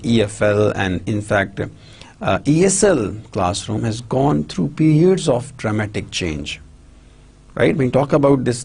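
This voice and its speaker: Man, Pakistani English accent, lecturer, husky and gravelly, lively pitch, keeps asking if it is clear. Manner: repetitive, checks understanding often, many restarts. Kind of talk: recorded university lecture.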